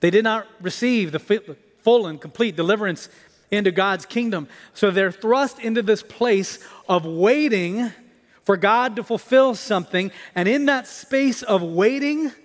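A man with a high voice preaches in a church sanctuary, the sound ringing with a long reverb. His delivery is expressive, climbing for emphasis and then sinking almost to a hush. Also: a little slow. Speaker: pastor. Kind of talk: sermon. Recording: reverberant hall.

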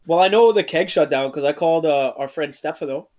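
A man's voice: on the high side, fairly quick, darkish tone, dull audio. A young man co-hosting a podcast, joking around in casual chat and swearing freely. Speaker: podcast co-host.

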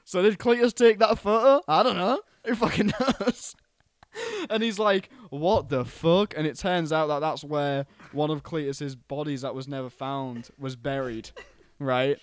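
A man co-hosting a podcast, recapping a film plot in an animated, casual way with plenty of swearing. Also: fairly high pitch, unhurried, smooth, dry recording, clean studio sound. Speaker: podcast co-host.

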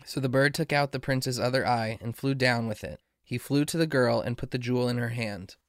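A man reading a fairy tale aloud in a slow, measured way. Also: medium pitch, no echo, clean studio sound. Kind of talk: storybook reading.

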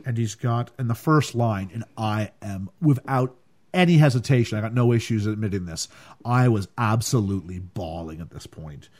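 A man co-hosting a casual film discussion podcast. He is animated and laughs often. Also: moderate pace. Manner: animated, laughing, swings between high and low. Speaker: podcast co-host.

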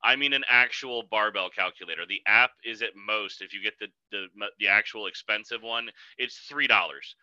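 A man's voice: fairly low pitch, moderate pace, hardly any pauses, bright, forceful tone, no room sound, dull audio. A man co-hosting a casual podcast, talking bluntly and emphatically with some profanity. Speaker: podcast co-host, powerlifting coach.

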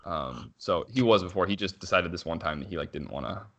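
Fast-talking low-voiced man, bright tone. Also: expressive. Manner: rambling, frequent "like" fillers and self-restarts, quick laughs. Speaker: father telling a story. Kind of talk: casual conversational chat.

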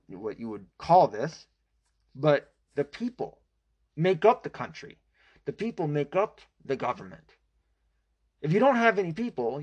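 Profane rambling American podcast host. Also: male voice, on the high side. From United States. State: out of breath. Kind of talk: casual solo podcast rant. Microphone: close mic.

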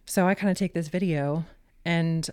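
A woman telling a hunting story in a casual, animated way, full of fillers. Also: on the low side, moderate pace, clear, resonant tone. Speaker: podcast guest.

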